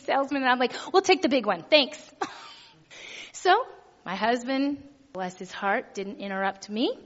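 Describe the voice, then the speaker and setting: A middle-aged woman delivers a sermon, telling a personal story with an animated, chatty warmth and frequent laughter. Her voice sits a little high for a woman. The sound is somewhat dull and hangs in a long hall reverb. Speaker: preacher.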